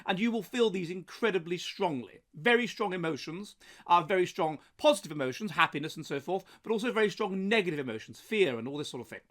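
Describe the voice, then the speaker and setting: A man's voice: high-pitched, animated, fast, a bit bright. A man hosting a solo commentary monologue, talking emphatically with frequent hesitations and restarts. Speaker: host.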